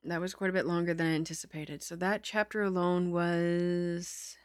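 A woman reads a novel aloud to her stream and slips into giggly, self-deprecating chat between passages. Her voice sits a little low and sounds close and dry. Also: fairly even intonation, normal speed, dry recording. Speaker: story reader and streamer. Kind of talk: reading a novel aloud with chatty asides.

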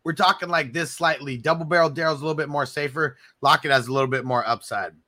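A man hosting a casual live stream, answering viewers and giving hyped shout-outs. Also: a little high, quick pace. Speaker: livestream host.

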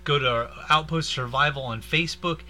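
A man's voice: fairly high pitch, brisk, sharp tone. A man in casual chat, telling a rambling joke and laughing at his own lines. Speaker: comedian.

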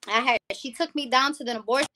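A woman from the Bronx, giving a lively personal testimony as an interview guest and acting out the people she quotes. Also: high-pitched, fast, crowd noise. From the Bronx, New York. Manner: animated storytelling, acting out quoted people, calls the host "girl". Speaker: guest, music founder.

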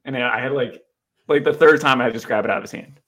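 A young man co-hosting a podcast, telling a self-deprecating story in a rambling, animated way with lots of filler words. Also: medium pitch, racing. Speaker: podcast co-host. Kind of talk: casual storytelling chat.

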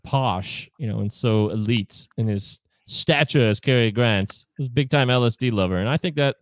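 A man's voice: medium pitch, normal speed, no room sound. A man co-hosting a casual film discussion podcast, wry and sarcastic, reading bits of reviews aloud. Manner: wry, reads quotes aloud, sarcastic asides. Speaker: podcast co-host.

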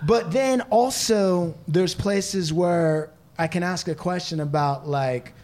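A man with a notably high voice hosts a casual podcast. He muses aloud and keeps checking in with his listeners. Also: slow, a little mellow. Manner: reflective, keeps adding "right?". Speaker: podcast host.

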